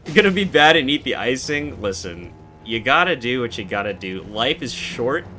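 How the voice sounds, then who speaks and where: A man in his twenties streaming a game, chatting casually and answering chat in a relaxed, monotone way. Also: mid-range voice, normal speed, soft background music. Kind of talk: casual live-stream chat while gaming.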